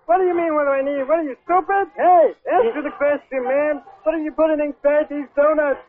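A man's voice: extremely high pitch, steady tone, brisk. A man on a prank call putting on a rude, accusing fake detective character. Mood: blustering. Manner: blustering, insulting, shouting at times. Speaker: prank caller. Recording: tinny phone line.

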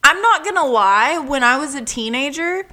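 Animated woman recapping a show. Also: normal speed. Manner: animated, acts out characters' lines with sudden high squeals. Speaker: podcast co-host. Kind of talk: casual recap chat.

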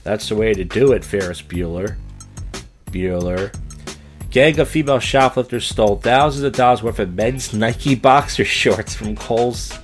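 A man's voice: medium pitch, normal speed, hardly any pauses, faint music behind. A man hosting a comedy podcast, giving crude, sarcastic running commentary on a video clip. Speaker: podcast host.

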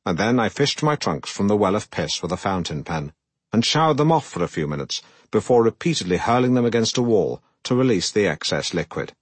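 An actor playing a pompous, self-regarding middle-aged broadcaster who narrates his own memoir in a deadpan way. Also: lowish voice, fairly quick, slightly rough, no room sound. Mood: self-important. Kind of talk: comic audiobook narration.

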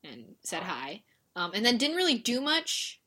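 A woman's voice: on the high side, measured pace, background noise. A woman co-hosting a podcast, chatting casually and telling stories with lots of laughter. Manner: animated storytelling, acts out characters with laughs. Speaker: podcast co-host. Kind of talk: casual chat.

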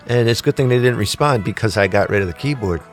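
A man's voice: on the low side, animated, faint music behind. A male podcast host in casual chat, playful and teasing. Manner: playful, teasing, quick to laugh.

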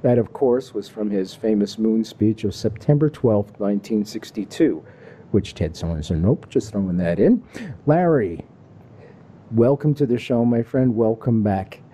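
Canadian man, talk show host, very dark mellow tone, folksy and lively delivery. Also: on the low side, unhurried, husky. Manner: folksy, animated, playful. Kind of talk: relaxed talk show hosting. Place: Kingston, Ontario.

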